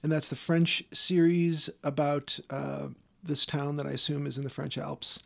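A man's voice: fairly high pitch, little pitch movement, moderate pace, gravelly. A man co-hosting a podcast, chatting casually, teasing and laughing often. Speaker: podcast co-host. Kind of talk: casual chat.

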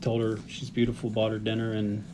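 A man's voice: lowish voice, monotone, fairly quick, a loud crowd. A man co-hosting a podcast, adding dry, wry comments to the conversation. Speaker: podcast co-host. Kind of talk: casual chat.

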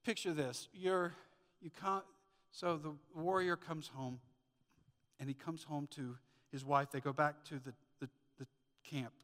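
Bright, high-voiced man preaching. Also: fairly even intonation, measured pace. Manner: emphatic storytelling, rhetorical questions. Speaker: pastor. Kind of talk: sermon. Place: church sanctuary. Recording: long church hall reverb.

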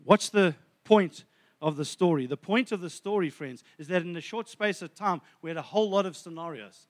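High-voiced man preaching a sermon. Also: normal speed. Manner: addresses listeners as friends, stumbles through restarts. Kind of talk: sermon storytelling.

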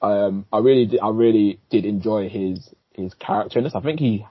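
Man, film podcast co-host, low husky voice, dull lo-fi sound, loose chatty filler talk. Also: a little fast, no room sound. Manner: loose, filler-heavy, reacts with short agreements. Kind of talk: casual film review chat.

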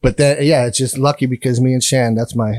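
A man telling animated stories in a casual interview. He acts out other people's voices, laughs often and swears freely. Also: mid-range voice, a little fast, no room sound. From Canada. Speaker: guest musician.

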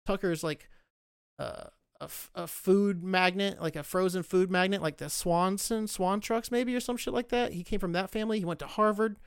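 A man's voice: high voice, fairly quick, clean tone, no echo, clean studio sound. A man ranting casually about the country, profane and sarcastic, getting worked up as he talks. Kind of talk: casual rant.

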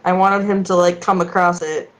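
A woman's voice: fairly low pitch, steady tone, normal speed, poor audio. Rambling woman player at a tabletop game. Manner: rambling, hesitant explanations with many fillers. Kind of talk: casual tabletop game chat.

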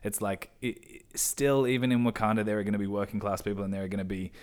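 A man with a lowish voice and a light, polished Australian accent talks over a film in a relaxed podcast chat. His phrasing is careful and articulate, and he picks his words with thought. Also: fast talker, clean tone. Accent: Australian, softened by drama training. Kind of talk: casual film discussion.

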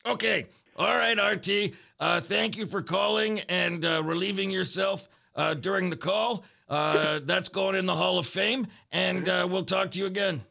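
A man's voice: high-pitched, fairly even intonation, normal speed, creaky, hardly any pauses, pushed and bright. A man hosting a late-night comedy call-in radio show, dry and teasing with his callers. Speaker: radio host.

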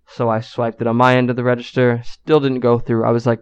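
A man's voice: mid-range voice, fairly even intonation, brisk, muffled recording. A man co-hosting a podcast, telling a story in a loose, profane style with lots of fillers. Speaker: podcast co-host. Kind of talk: casual storytelling.

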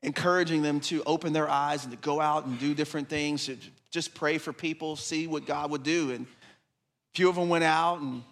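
A pastor preaches a sermon in a fairly high voice at a normal pace, telling a lively story and doing the voices of its characters. For his appeal, he drops into soft, hushed tones.

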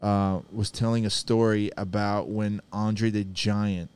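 A man's voice: fairly low pitch, measured pace, smooth, dry recording. A man co-hosting a podcast, chatting casually and profanely, laughing often. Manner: laughing, profane, animated banter. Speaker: podcast co-host. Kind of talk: casual chat.

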